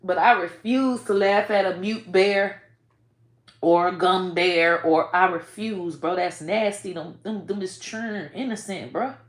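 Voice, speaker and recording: Her tone steady and her pace a little slow, a woman vlogger addresses the camera casually and profanely, often saying "bro" and "y'all." The sound is roomy, and she shifts between quiet and loud as her feelings intensify.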